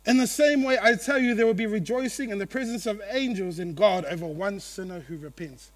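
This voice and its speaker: Preacher: a man with a high voice, animated, playful sermon delivery that swings between loud and soft. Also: a little fast. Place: church gathering.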